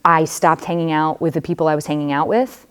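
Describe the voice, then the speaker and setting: A woman's voice: low voice, steady tone, brisk, clear, resonant tone. A woman, a religious sister, giving a personal testimony to students in a conversational storytelling manner, speaking straight to them with casual fillers.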